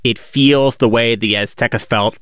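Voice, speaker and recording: Man, radio interviewer, relaxed, dry studio sound. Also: mid-range voice, normal speed, no echo. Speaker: radio news host.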